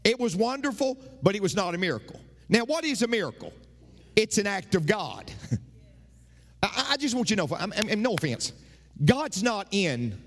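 Man, preacher, from the US, folksy and animated sermon, long hall reverb. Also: sits high, moderate pace. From United States. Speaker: pastor.

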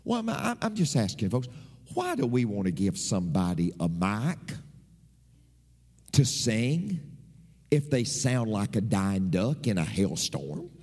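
A man's voice: on the low side, wildly swooping pitch, measured pace, a little mellow, husky. A man preaching a sermon as a pastor, emphatic and repetitive, his voice swooping up and down. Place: church. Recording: long reverb of a church hall.

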